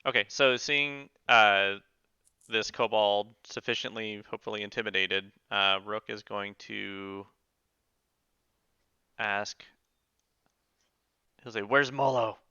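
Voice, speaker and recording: Bright, smooth-voiced man player. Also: on the low side, steady tone, slow, pauses often, no echo, highs cut off. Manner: hesitant, asks questions. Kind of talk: casual play at a tabletop game.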